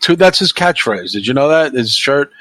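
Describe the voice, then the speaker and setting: A man's voice: medium pitch, lively intonation, normal speed, fairly bright tone, no echo, low-quality recording. Blunt, opinionated middle-aged man. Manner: blunt and opinionated, swears freely. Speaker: podcast host. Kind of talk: casual chat.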